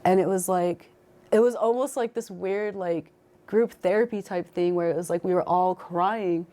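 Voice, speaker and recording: A woman's voice: lowish voice, moderate pace, mellow. A young woman telling her own life story in a casual conversation, emotional and full of "like" fillers and restarts.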